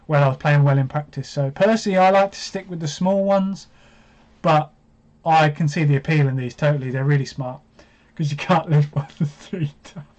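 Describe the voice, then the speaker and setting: Man, 25, stream host; casual, self-mocking chatter, slightly high pitch, muffled lo-fi sound. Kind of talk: casual live stream chat. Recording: dull lo-fi stream audio.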